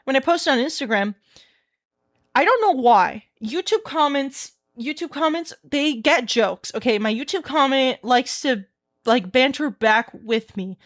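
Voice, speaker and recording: Bright high-voiced female streamer, lively casual storytelling with frequent laughter. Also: a little slow. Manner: animated storytelling, laughs often. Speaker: VTuber streamer. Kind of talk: casual live-stream chat.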